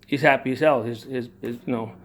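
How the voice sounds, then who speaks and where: A man's voice: medium pitch, fairly even intonation, brisk, a little hiss or hum. An older man telling a personal family story in a rambling, digressive way, with sighs, restarts and emotion. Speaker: narrator of his own family story.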